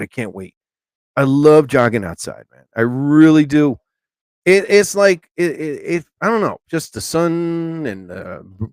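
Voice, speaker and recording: A man hosting a casual live stream, rambling excitably and swearing casually as he chats. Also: fairly high pitch, no room sound.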